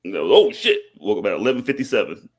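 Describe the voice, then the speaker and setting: Brief: male co-host, teasing and jokey, animated pitch, acts out quotes. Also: fast, breathy edge. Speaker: podcast co-host. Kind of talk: casual podcast banter.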